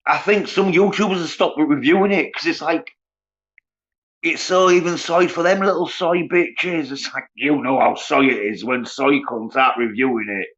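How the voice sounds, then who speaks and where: A slow-talking man on a livestream, pouring out a stream of swearing and scorn in a fairly high voice. The sound is dull and lo-fi. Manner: profane, scornful ranting. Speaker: livestream host. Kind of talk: casual livestream rant.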